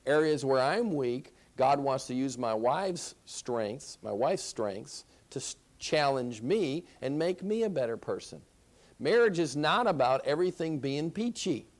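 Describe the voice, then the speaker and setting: A man's voice: medium pitch, big pitch swings, unhurried. A man teaching a Christian counseling class, emphatic, repeating key phrases and asking rhetorical questions. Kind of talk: classroom lecture.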